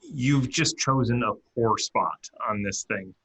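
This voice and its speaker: A man's voice: mid-range voice, slow pace, fairly bright tone, slightly rough. A man narrating as dungeon master for a tabletop game, loose and chatty, with lots of fillers and restarts.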